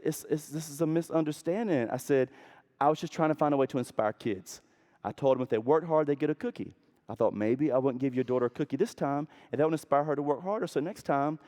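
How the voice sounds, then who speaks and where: Male keynote teacher, high voice, lively storyteller who acts out every quote. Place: conference stage.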